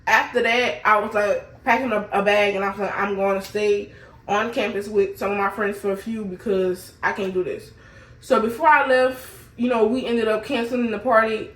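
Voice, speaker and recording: Young woman, casual storytime, animated retelling, middle pitch, echoey room. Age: young adult. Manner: animated, retells quarrels in quoted voices. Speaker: vlogger.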